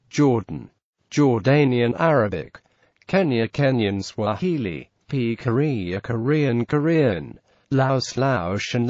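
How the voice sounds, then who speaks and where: A man's voice: medium pitch, dry recording, dull audio. A man reading out a vocabulary list word by word for learners, with list intonation. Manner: reads word by word with rising and falling list intonation. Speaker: vocabulary reader.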